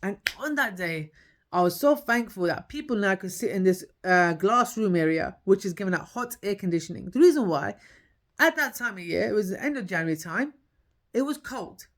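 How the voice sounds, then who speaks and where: A woman's voice: mid-range voice, animated, moderate pace. Emphatic woman telling her story. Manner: emphatic, repeats key points, acts out dialogue. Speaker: podcaster. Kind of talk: casual storytelling monologue.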